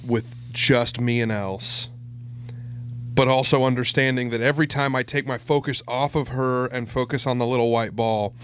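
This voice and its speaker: A man co-hosting a casual podcast, telling parenting stories in an animated way and swearing casually. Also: mid-range voice, normal speed, clean tone, no room sound. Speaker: podcast co-host.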